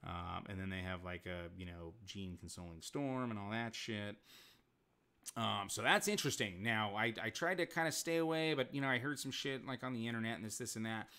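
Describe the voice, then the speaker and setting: A man's voice: fairly low pitch, pushed and bright, clean tone. Profane rambling man on a livestream. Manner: rambling, profane, recaps scenes with quick voiced asides. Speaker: streamer reviewing comics and shows. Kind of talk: casual livestream commentary.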